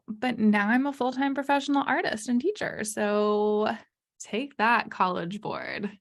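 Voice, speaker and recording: A woman's voice: mid-range voice, vocal fry. A young adult woman hosting her podcast alone, talking casually and candidly, with lots of fillers, and laughing her way through hard topics. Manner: chatty, many fillers like "you know" and "um". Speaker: podcast host. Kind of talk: solo podcast monologue.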